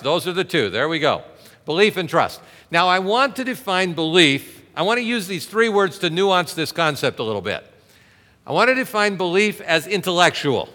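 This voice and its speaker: A man's voice: sits high, sharp tone. A male pastor preaching a sermon with emphasis, asking the congregation questions and drawing them in. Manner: emphatic preaching with rhetorical questions and audience interaction. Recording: reverberant hall.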